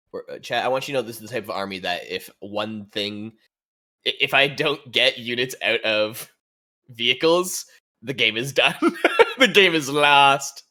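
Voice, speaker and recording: A man's voice: mid-range voice, measured pace, pauses often, bright, forceful tone. A man playing a tabletop wargame as a guest, chatting casually, laughing often and swearing for comic effect.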